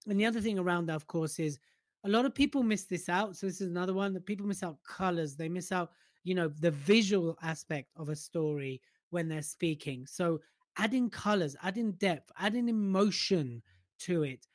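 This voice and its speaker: A man's voice: high-pitched, moderate pace. A man co-hosts a casual conversation about public speaking, giving advice in an easygoing, playfully teasing way. His voice is recorded close, with a dry sound and no room echo. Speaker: podcast co-host. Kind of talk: casual coaching chat.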